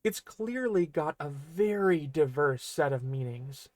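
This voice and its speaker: A man teaching an online language lesson in a casual, chatty way. His voice sits a bit high, and it springs up on the example words he highlights. The recording is dry and close, with no room echo. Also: measured pace. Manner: chatty, explanatory, with lively pitch jumps on example words.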